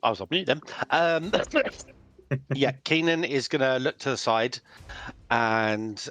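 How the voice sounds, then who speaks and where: A man's voice: medium pitch, slow, a bit bright. A man playing a tabletop game, describing his character's moves with lots of fillers. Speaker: player.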